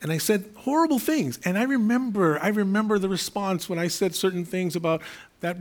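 A man's voice: high voice, expressive, fairly quick. A man preaching an earnest, conversational sermon, explaining scripture and Greek words. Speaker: pastor.

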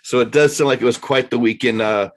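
A man's voice: mid-range voice, fairly even intonation, fast talker. A man co-hosting a casual chat, chummy and encouraging, egging his partner on. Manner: chummy, encouraging, laughs along. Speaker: podcast co-host, coach.

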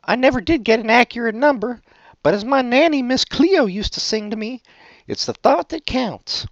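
A shrill, unhinged man, reading a letter in a high, strained voice that swings all over. The sound is dry and a little dull, as on a lo-fi recording. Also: expressive, moderate pace, no room sound. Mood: manic. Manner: high strained put-on impression voice.

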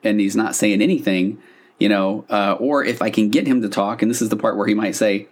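A man's voice: lowish voice, fairly even intonation, fast talker, darkish tone. A man who works as a couples therapist, explaining a therapy concept to listeners in a loose conversational way, with fillers and restarts.

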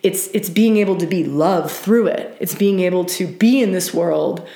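A woman's voice: fairly low pitch, moderate pace, mellow, reverberant. Earnest woman leading a spiritual circle. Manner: earnest and emphatic, many "right?" asides and restarts. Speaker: circle leader. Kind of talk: live-streamed spiritual talk.

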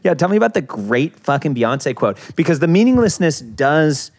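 A man hosting a podcast, relaxed and wry, talking casually and swearing a bit. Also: on the high side, moderate pace. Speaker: podcast host. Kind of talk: casual conversation.

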